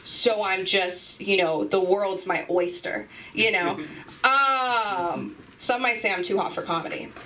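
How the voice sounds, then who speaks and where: This young adult woman, both host and comic at an open mic, delivers a loose stand-up set that mocks herself and wanders, with sudden yelps thrown in. Her medium-pitched voice is slow, pushed, and bright. The mic is distant and the club room is noisy.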